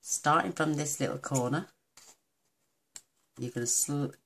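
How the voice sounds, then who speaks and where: A woman from the UK talks viewers through a card box tutorial in a relaxed, affectionate way. Her voice sits very low. Clicks and rustling paper carry under a noisy recording. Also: a little slow, vocal fry. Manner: chatty and affectionate, talks while working. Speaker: craft demonstrator. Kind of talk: casual crafting tutorial.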